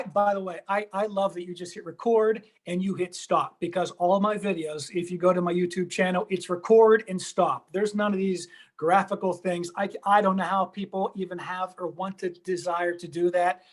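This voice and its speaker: Husky earnest man explaining on a call. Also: high-pitched, steady tone, moderate pace, few pauses. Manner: earnest, repeats words while searching for them. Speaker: guest, tarot teacher. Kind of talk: casual video call interview. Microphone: video call.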